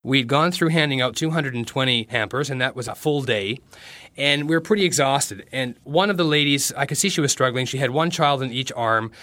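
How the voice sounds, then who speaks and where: Halting, reflective man in a dry recording. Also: medium pitch, sharp tone, no room sound. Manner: halting, reflective storytelling with restarts. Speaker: aid worker. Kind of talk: interview recollection.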